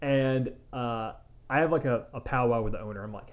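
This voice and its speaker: A young adult man, a tattoo artist co-hosting a podcast, telling a story in casual chat, animated and laughing, with lots of "like" and swearing. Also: mid-range voice, moderate pace.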